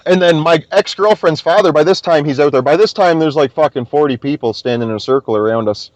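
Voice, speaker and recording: A young man from Scotia, a podcast guest telling an animated story and swearing constantly. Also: a little high, quick pace, no room sound, dull audio. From Nova Scotia, Canada. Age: young adult. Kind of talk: casual storytelling.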